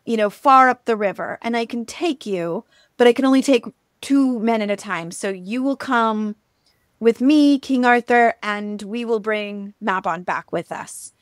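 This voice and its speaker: A woman's voice: a little high, measured pace, no echo, natural voice. A woman voicing a wise old talking salmon who speaks in a dry, matter-of-fact way, in a casual podcast myth retelling. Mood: helpful.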